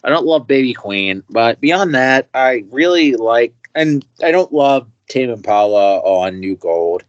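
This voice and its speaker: A man's voice: medium pitch, lively intonation, a little slow, no room sound. A man with an American accent co-hosting a podcast, giving laid-back, wry music opinions and swearing casually. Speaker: podcast co-host. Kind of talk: casual music review chat. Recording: dry, dull lo-fi mic.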